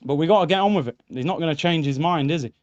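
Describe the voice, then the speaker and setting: A man's voice: a little high, fast, dull audio. A young man, hosting a live football watchalong and reacting heatedly, talking to viewers as lads and bro. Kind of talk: live match watchalong commentary. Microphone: streaming mic.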